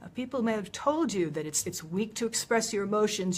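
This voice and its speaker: A woman speaking gentle guidance straight to the viewer, often dropping into a near whisper and growing more emphatic at times. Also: mid-range voice, animated, a little fast, few pauses, slightly rough. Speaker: speaker of a public service video. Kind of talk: soothing spoken guidance to the viewer.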